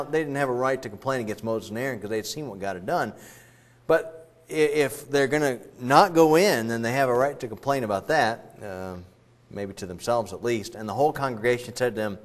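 A man preaching a sermon as a pastor, conversational and joking as he retells the story. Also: medium pitch.

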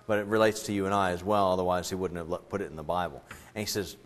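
A man's voice: low voice, fairly even intonation, fast. A man preaching a sermon as a pastor, conversational and joking as he retells the story.

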